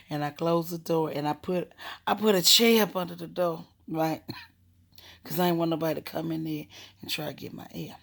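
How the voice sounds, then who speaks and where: A woman from Maryland casually telling a personal story, animated and frank with profanity, often dropping into a hushed whisper. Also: deep voice, measured pace, vocal fry, long pauses. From Maryland, USA.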